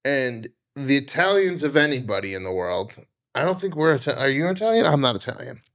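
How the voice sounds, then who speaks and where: A man's voice: medium pitch, very animated, brisk, a bit bright. A man co-hosting a casual podcast who talks in a crude, joking way and swears freely. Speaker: podcast co-host. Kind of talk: casual chat.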